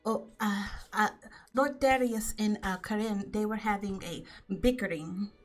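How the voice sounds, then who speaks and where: A woman's voice: mid-range voice, a little slow, faint music behind, natural voice. A woman voicing a nervous young commoner mother who stammers as she tries to keep the peace. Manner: hesitant, stammering.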